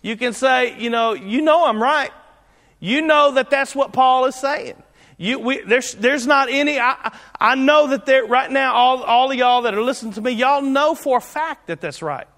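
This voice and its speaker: A man's voice: very high voice, moderate pace, fairly bright tone, big-room sound. A man preaching a sermon as pastor, in a folksy, conversational way with frequent restarts.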